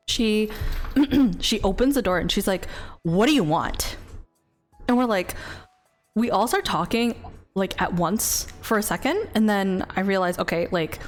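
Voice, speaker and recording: A woman streamer tells a long story in a loose, chatty way. She keeps restarting sentences and throws in the odd swear word, and faint music plays behind her. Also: mid-range voice. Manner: rambling, lively, with many restarts and casual swearing. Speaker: VTuber streamer. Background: faint background music.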